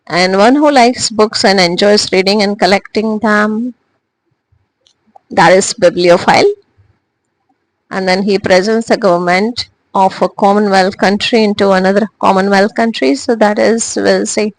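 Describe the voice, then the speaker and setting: A woman teacher, giving a recorded lesson slowly, with frequent hesitations and restarts. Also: medium pitch, dry recording, low-quality recording. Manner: slow and deliberate, with frequent "uh" and restarts. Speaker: English teacher.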